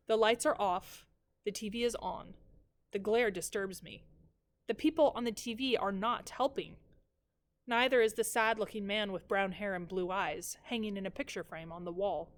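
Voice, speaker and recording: Woman teacher reading a novel aloud. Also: a little high.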